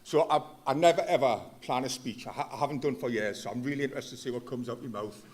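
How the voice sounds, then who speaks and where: A man's voice: medium pitch, quick pace, noisy background. A Geordie man from Gateshead, a chief fire officer, giving a rambling, jokey welcome speech in a hotel function room. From Gateshead, North East England.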